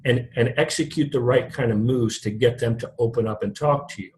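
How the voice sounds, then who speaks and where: A man's voice: mid-range voice, a little fast, a little mellow. A middle-aged man as an interview guest, talking casually about sales with restarts and chuckles. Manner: conversational, restarts sentences, laughs at own jokes. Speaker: guest, lead generation company founder.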